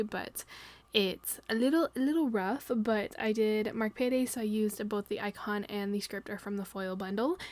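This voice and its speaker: A young woman in her twenties, a planner vlogger, chatting casually in a rambling, giggly voice-over full of fillers. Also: medium pitch.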